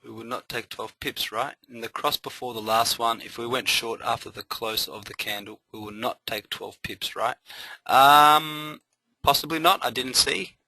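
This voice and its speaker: A man leads a live trading webinar with bright, forceful energy, hammering points home by repeating phrases in a motivational rush. His medium-pitched voice is gravelly and moderately paced, in a close, dry, low-quality recording with almost no room sound.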